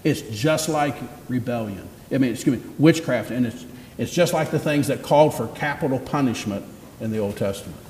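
A man's voice: mid-range voice, normal speed, a little mellow, a little hiss or hum. A man preaching a sermon as pastor, telling stories in a conversational way and asking the congregation questions. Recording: echoey hall reverb.

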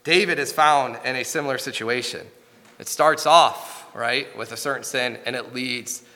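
A man in his thirties preaching a sermon, telling a family story in an earnest, halting way with frequent restarts. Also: mid-range voice, pushed and bright, long reverb tail.

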